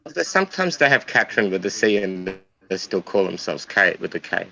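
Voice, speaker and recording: A man's voice: deep voice, very animated, brisk, creaky, pushed and bright, faint music behind. A man, chatting casually during a watch-along and explaining things at length. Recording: muffled lo-fi audio.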